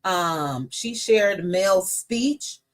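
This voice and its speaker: Slow-talking woman hosting a livestream. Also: mid-range voice, expressive. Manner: chatty, greeting viewers by name while scrolling chat. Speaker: livestream host. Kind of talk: casual livestream chat.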